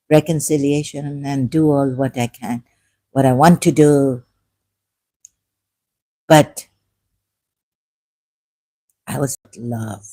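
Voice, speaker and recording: A woman in her fifties telling her personal story, emotional and halting, rambling with restarts and self-corrections. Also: deep voice, warm tone. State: emotional, close to tears.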